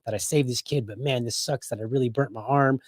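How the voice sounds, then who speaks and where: A man's voice: mid-range voice, fairly even intonation, fast talker, dry recording, studio quality, lightly acted. A man voicing a firefighter who talks in an offhand, matter-of-fact way. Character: casual male firefighter.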